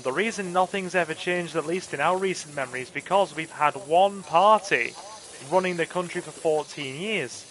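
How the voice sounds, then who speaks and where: A man's voice: a little high, sharp tone, low-quality recording. A man chatting earnestly while playing a game, ranting about politics with frequent restarts. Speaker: gaming channel host and campaign volunteer.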